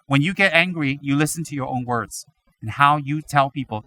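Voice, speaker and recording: A man giving a Buddhist teaching, animated and dramatic, acting out his students' complaints. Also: fairly high pitch, moderate pace. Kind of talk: dharma teaching talk.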